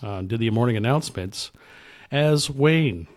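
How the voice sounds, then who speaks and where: A man's voice: medium pitch, expressive, a little slow. A man co-hosting a podcast in casual chat, given to quoting films. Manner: quotes films at length. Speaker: podcast co-host.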